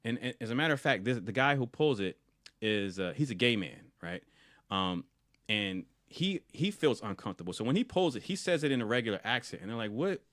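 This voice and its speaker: A man, a podcast co-host, retelling a film scene in casual review chat, animated and often restarting and repeating words. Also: mid-range voice, brisk, no echo, studio quality.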